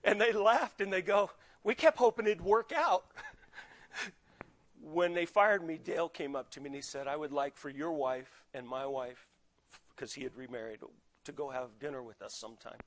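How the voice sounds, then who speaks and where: A man preaching a sermon, telling a personal story and acting out the dialogue with lively shifts. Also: on the high side, normal speed. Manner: animated, acts out quoted dialogue. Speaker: pastor.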